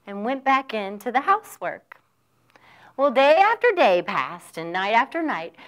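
A woman telling a folk tale to children, with expressive, sing-song, drawn-out phrasing. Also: fairly high pitch. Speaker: children's storyteller. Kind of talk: storytelling for children.

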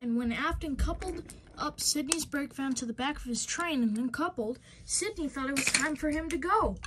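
A woman's voice: sits high, lively intonation, normal speed, very noisy. A young woman narrating a homemade toy-train story in plain, repetitive phrasing.

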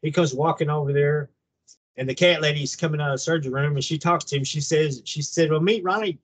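A man over fifty telling a long personal story in a casual, halting way, full of restarts. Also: fairly high pitch, steady tone. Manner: halting, rambling, with many restarts. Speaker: guest recounting an abduction experience.

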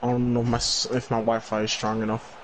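A young man in casual gaming chat, excitable and teasing, full of loud exclamations. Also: medium pitch, fast, slight background noise. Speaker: gamer playing with a friend.

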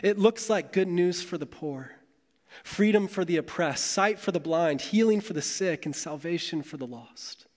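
Preaching with measured drama and long, deliberate pauses, a male pastor speaks in a slightly high voice. Reverb from the surrounding hall lingers after his words.

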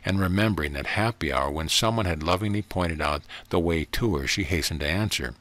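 Man, audiobook reader, very low voice, dry close recording, measured narration. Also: a bit bright, dry recording. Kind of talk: scripted narration.

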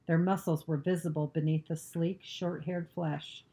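Woman reading a book aloud, low and mellow, steady. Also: a little slow. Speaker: narrator.

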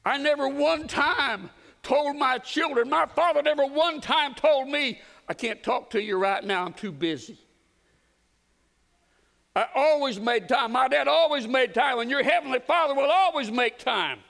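A man preaching a folksy, earnest sermon in a church, emphatic and sometimes dropping to a hush. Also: very high-pitched, animated, measured pace, vocal fry. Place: church sanctuary. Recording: reverberant church hall with soft guitar.

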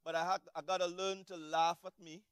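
A male pastor preaching with a strikingly high voice, recorded close and bone-dry. He drives his points with sudden shouted bursts, then drops low and quiet for asides. The delivery is animated and full of swings. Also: a little fast, smooth, dry recording. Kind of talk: sermon.

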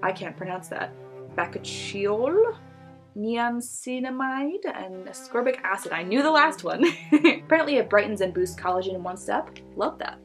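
A woman's voice: mid-range voice, sing-song, moderate pace, faint music behind. A young woman vlogger casually unboxing beauty products, gushing and giggling as she reads labels aloud.

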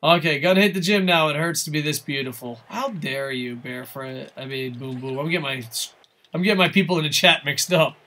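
Guy streaming a hockey game, swears a ton, rambles and yells at the screen, bright tone. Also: fairly high pitch, fairly quick. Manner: profane, excitable, chatting with viewers. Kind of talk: live gameplay commentary.

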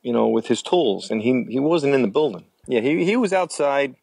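An older man, a retired firefighter, telling stories in a rambling, halting way with many fillers. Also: mid-range voice, expressive, creaky, a little mellow, dry recording. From New York City. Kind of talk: conversational storytelling.

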